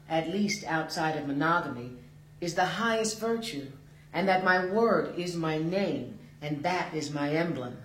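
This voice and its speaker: Male author doing a measured literary reading, slow, somewhat high voice, roomy sound with faint hum. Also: a bit bright. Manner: slow, measured, deliberate delivery. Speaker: author reading his work.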